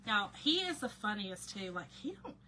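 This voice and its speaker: With a medium-pitched, sing-song voice at normal speed, a woman hosts a casual live craft session. She's talkative and warm toward chat viewers, calling them by name, yet often murmurs quietly to herself while concentrating. Noticeable background noise runs under the recording.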